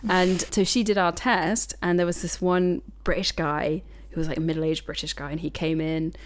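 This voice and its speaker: A woman's voice: lowish voice, level tone, moderate pace, a little hiss or hum. A woman from the United Kingdom, a climate activist guest, chatting casually on a podcast, frank and rambling, swearing freely. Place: indoor recording.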